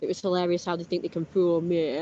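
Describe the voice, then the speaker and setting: Someone vlogs outdoors beside a canal, rambling in a chatty, boastful way. The voice is medium-pitched, flat, quick and dark-toned, with a little hiss or hum. The outdoor audio is slightly muffled, with faint background sound.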